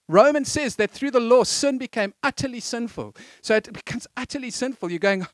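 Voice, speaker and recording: Middle-aged male preacher, high voice, conversational sermon with lively emphasis, dry recording. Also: normal speed, hardly any pauses, no echo.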